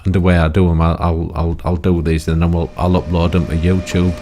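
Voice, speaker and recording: A man's voice: deep voice, flat delivery, brisk, mellow, a little hiss or hum. An older man giving rambling, chatty commentary on his own gameplay, full of tag questions and self-mocking asides. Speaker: gaming YouTuber.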